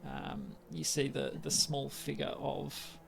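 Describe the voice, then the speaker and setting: A man's voice: medium pitch, completely flat delivery, slow, vocal fry, noisy background. A man narrating as game master, hesitant with lots of fillers.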